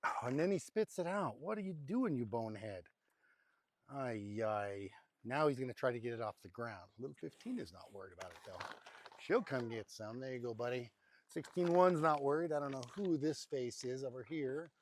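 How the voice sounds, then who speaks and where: Man, medium pitch, casual rambling narration, softly coaxing animals, outdoors at a farm pen, camera mic. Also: animated, normal speed, slight background noise. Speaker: homestead vlogger. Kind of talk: casual narration to camera while feeding cattle. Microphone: handheld or nearby camera mic.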